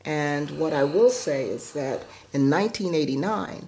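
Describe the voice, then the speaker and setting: A woman's voice: low voice, normal speed, slight background noise. A woman from New York earnestly telling a personal story of faith, bringing each scene to life and quoting what others said. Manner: earnest, animated, acts out quoted speech. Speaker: devotee sharing testimony.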